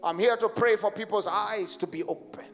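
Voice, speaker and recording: A man preaching a sermon at a large crusade, building to fervent shouts and leading the crowd in call and response. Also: high-pitched, normal speed, vocal fry. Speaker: pastor. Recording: long stadium reverb with music behind.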